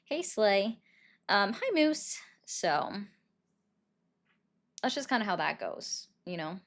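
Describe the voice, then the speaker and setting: A woman's voice: mid-range voice, very animated, takes it slowly. Chatty woman hosting a livestream. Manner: chatty, greets viewers by name between thoughts. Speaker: livestream host taking calls. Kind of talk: casual live political commentary.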